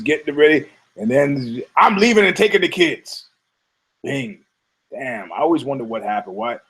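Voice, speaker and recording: Rambling, profane man with a higher voice. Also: rough recording. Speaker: podcast host. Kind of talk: casual rant.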